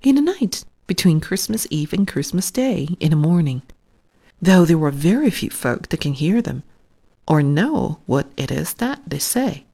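Lady whispering a bedtime story, low voice, lots of melody, takes her time. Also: very animated, vocal fry. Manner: soft, hushed and unhurried.

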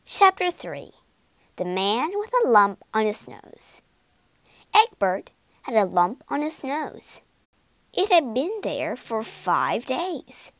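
Slow, lively woman reading a storybook. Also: on the high side, no room sound. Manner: slow, lively storytelling with big character voices. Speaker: storybook reader. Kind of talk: expressive storybook read-aloud.

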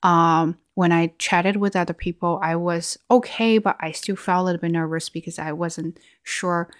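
A woman's voice: fairly low pitch, steady tone, moderate pace, no room sound, clean studio sound. Reflective woman with a Chinese accent. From China. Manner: reflective, with frequent restarts and fillers. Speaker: video host. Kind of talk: casual vlog monologue.

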